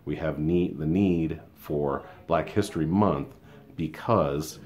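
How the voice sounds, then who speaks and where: A man's voice: very deep voice, slow pace, darkish tone. A man in his fifties giving a rambling, conversational opinion monologue with many asides. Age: 50s. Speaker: school paraprofessional and show host.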